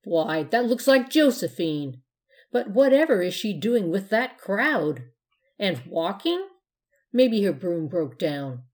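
A woman's voice: mid-range voice, big pitch swings, slow. A woman voicing a cheerful, polite young witch in a storybook reading. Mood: puzzled. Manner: bright, prim, eager.

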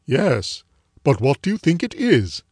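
A probing storybook magician, as a man reads him in a near-natural voice. His questions rise with lively inflection and a faint husk. The sound is dry and close. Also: fairly high pitch, unhurried, no room sound, voice pushed up, full character voice. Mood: curious.

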